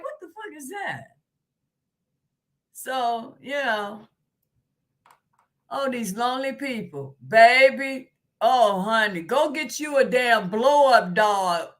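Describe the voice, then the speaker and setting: A woman hosting a live stream in casual chat, loud and exclaiming, laughing and swearing often. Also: sits high. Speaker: livestream host.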